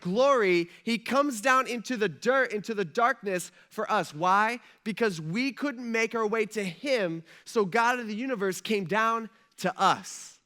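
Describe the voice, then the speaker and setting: A male pastor delivering a sermon in a casual, animated style. His voice is high and bright and ringing, and he talks to the congregation like friends, with plenty of fillers. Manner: conversational and animated, with many fillers.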